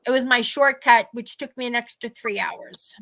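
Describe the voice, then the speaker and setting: A middle-aged woman, telling animated stories in casual chat and acting out the people she quotes. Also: a little high, normal speed, gravelly. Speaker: host.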